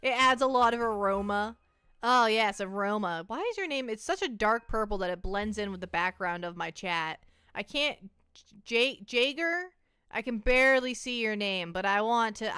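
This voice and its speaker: A woman's voice: medium pitch, normal speed, sharp tone, clean tone, no echo. A young woman streaming, casually chatting with her viewers in a self-mocking, talkative way. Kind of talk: casual livestream chat.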